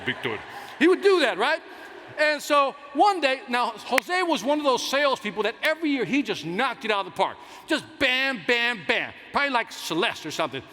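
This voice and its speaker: A man giving a motivational sales keynote on stage in a large conference hall, telling stories in an animated, self-mocking way. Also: very high voice, a little fast, a little hiss or hum. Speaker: keynote speaker. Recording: reverberant hall with faint ambience.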